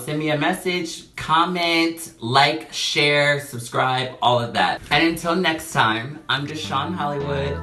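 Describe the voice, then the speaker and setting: A young man telling a storytime vlog in a casual, expressive way, swearing freely and acting out the people in his story. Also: a little high. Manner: animated, acts out every voice in the story, swears freely. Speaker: vlogger. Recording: echoey room.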